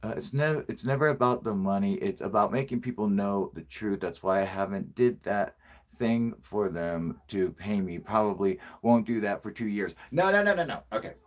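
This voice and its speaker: A male channel host in casual livestream chat, a profane, excitable storyteller who laughs a lot. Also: fairly low pitch, moderate pace.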